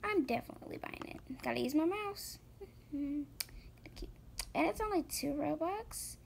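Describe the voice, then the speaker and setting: Gushing high-voiced woman with gravelly fry. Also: fairly quick, a little hiss or hum. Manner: gushing, excitable, talks to viewers. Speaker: gaming vlogger. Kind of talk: casual game commentary.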